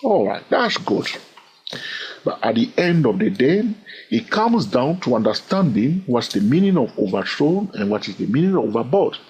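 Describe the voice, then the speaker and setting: Lively man teaching about trading. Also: medium pitch, slight background noise, poor audio. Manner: animated, often fills pauses with "okay" and "all right"; repeats phrases while thinking aloud. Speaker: trading educator. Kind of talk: instructional talk to camera.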